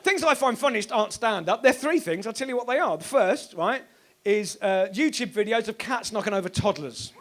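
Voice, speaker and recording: A man performing a sweary, animated stand-up comedy set on a club stage, now and then bursting into shouts. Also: high-pitched, brisk, few pauses, a little hiss or hum. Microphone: stage microphone.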